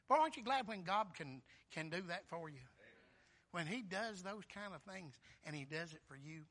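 Bright-voiced preacher man. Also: high voice, animated, moderate pace. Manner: folksy storytelling, rising to loud emphatic bursts, frequent "Amen?" asides. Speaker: pastor. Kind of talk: sermon.

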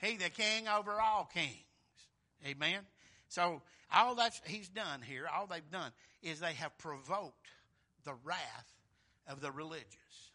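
A man preaching a sermon in a folksy, emphatic way, swinging between loud and soft. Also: a little high, takes it slowly.

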